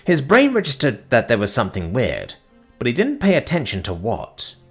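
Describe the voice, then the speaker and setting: A man narrating a science fiction story in a dramatic, expressive manner. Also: medium pitch, moderate pace, husky, soft background music.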